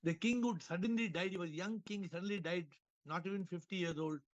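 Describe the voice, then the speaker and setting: A man's voice: high voice, fast, lo-fi sound. A man giving a spiritual talk over a video call, telling parables with repetitions and chuckles. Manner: animated storyteller, repeats words, chuckles. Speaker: spiritual teacher.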